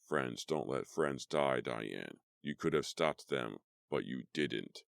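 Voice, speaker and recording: A vengeful teenage boy's ghost, as a man puts him on for an audiobook, his deep voice scraped down to a dry, raspy whisper. Every word drags out slowly with bitter, accusing menace, close and dry on the mic. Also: expressive, no echo, heavily acted. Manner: slow, dragging delivery.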